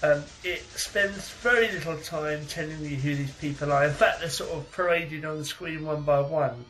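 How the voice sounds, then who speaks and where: A man co-hosting a horror podcast, speaking in a measured, thoughtful way with frequent pauses. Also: fairly high pitch, a bit bright, a little hiss or hum, poor audio. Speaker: podcast co-host. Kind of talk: casual chat.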